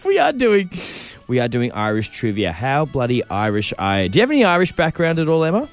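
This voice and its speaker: A man hosting breakfast radio in an energetic, enthusiastic way. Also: fast. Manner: energetic and enthusiastic, lively pitch. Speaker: radio host. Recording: music bed underneath.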